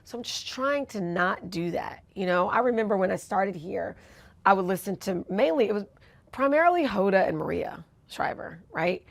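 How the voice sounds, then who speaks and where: A woman's voice: mid-range voice, normal speed, creaky. A woman in her forties, a TV news host and author, telling personal stories in an interview in an earnest, reflective way. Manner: earnest, reflective, animated when retelling moments.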